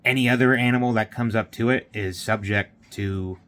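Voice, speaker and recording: Telling a story from his morning in a casual vlog, this man rambles, full of fillers and quoted dialogue. His voice is fairly low and a bit bright, with fairly even intonation and a normal speed.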